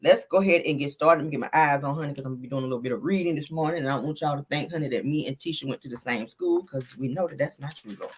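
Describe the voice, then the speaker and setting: A woman hosting a celebrity news live stream, giving casual gossip commentary in a sassy, expressive way, calling viewers honey and child. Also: sits low, racing, few pauses, slightly rough.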